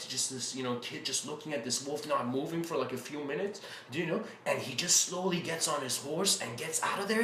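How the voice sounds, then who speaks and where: Telling a story during a relaxed spiritual talk, this man rambles, using lots of fillers and starting over often. His voice is medium-pitched and fairly bright, captured in a roomy space with faint background noise.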